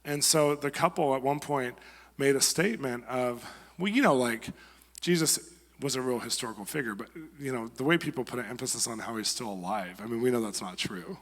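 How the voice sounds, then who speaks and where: A man giving a conversational sermon, telling stories and acting out quotes in a lively way. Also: mid-range voice, a little fast. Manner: conversational, animated storytelling with acted quotes. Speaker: guest preacher. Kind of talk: sermon with storytelling. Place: church sanctuary. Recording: long reverb of a church hall.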